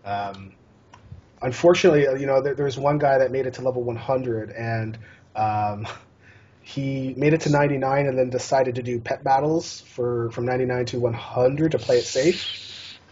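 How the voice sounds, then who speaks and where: A man's voice: medium pitch, normal speed, darkish tone, husky. A man guest on a casual gaming podcast, talking in a rambling way with many restarts and fillers. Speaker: guest, challenge curator. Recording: dull lo-fi podcast audio.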